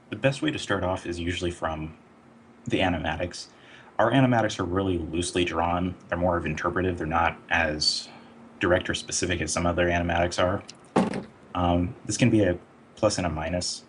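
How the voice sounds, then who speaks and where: A man with a very low voice talks through his animation work in a relaxed, explanatory way. He pauses on fillers as he thinks. Faint noise sits under his voice. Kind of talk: casual online interview.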